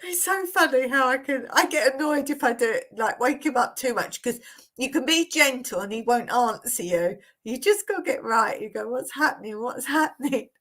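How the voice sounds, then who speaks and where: A chatty woman with a high voice hosts a casual live stream. She reads out viewer comments and tells stories with plenty of giggles. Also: expressive, moderate pace, a bit bright. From England. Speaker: vlogger hosting a live stream.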